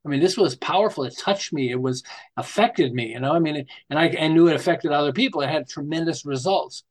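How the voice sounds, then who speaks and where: A man's voice: fairly high pitch, fast. An older man from Canada, a podcast guest, telling rambling stories in a casual interview with many restarts. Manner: rambling, animated anecdotes with restarts.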